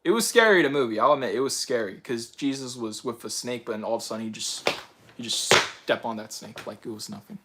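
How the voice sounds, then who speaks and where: A young man hosting his channel in casual chat, rambling excitedly and filling his talk with "like" and "bro". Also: mid-range voice, quick pace, slight background noise. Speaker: channel host answering viewer picks.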